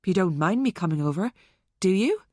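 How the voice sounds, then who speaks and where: A woman's voice: fairly low pitch, lively intonation, a little fast, darkish tone, no echo, studio quality. A woman voicing a tired, worried young man in an audiobook, subdued in manner. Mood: weary.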